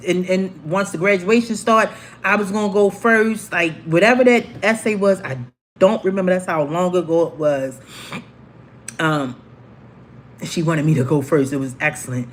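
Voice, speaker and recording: A woman's voice: on the low side, moderate pace, a little hiss or hum. A woman in her forties, casually telling a personal story to viewers on a livestream and acting out the voices of the people in it. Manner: animated, acts out quoted voices. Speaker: livestream host.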